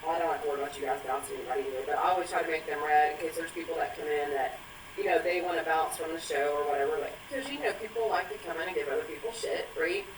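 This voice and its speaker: A woman's voice: sits low, very fast. A woman hosting a live stream after-show, chatting casually and swearing as she laughs through stories. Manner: profane, laughing, animated storytelling. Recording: echoey room, far from mic, faint noise.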